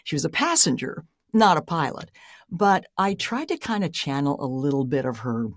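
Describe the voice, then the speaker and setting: Brief: middle-aged woman guest, animated storyteller, lower voice with wide swings, dry close sound. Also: normal speed, no room sound. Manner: animated storyteller, laughs often, voice jumps up for emphasis. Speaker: airline pilot and audiobook narrator, guest. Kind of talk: casual interview chat.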